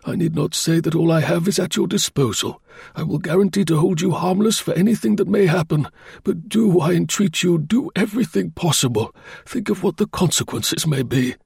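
A man's voice: high voice, a little fast, vocal fry, darkish tone, slightly rough, dry recording, studio quality, voice pushed up, full character voice. A man voicing a desperate male employer who begs for help, imploring in an audiobook reading. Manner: imploring, urgent.

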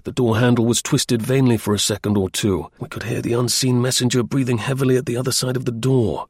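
Narrating a first-person adventure tale for an audiobook, a man uses a husky mid-range voice and keeps his delivery steady and measured. There's no room sound, just studio-quality audio.

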